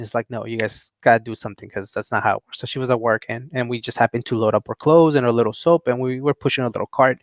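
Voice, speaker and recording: A young man hosting his channel, telling a story in a casual, rambling way with frequent laughs and lively quoting of others. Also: medium pitch, no echo. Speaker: channel host.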